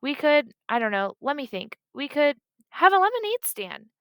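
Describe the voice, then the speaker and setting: A woman's voice: sits high, big pitch swings, moderate pace, dry recording, studio quality, pitched above the performer's own voice. A woman voicing a nervous, eager eight-year-old girl in a storybook reading.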